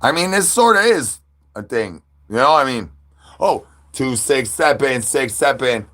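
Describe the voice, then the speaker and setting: A man livestreaming outdoors and chatting with his viewers. His voice is husky, and his pitch swoops around a lot. He is playful, full of goofy catchphrases and silly animal noises. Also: lively intonation, a little slow, fairly bright tone. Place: outdoors, standing.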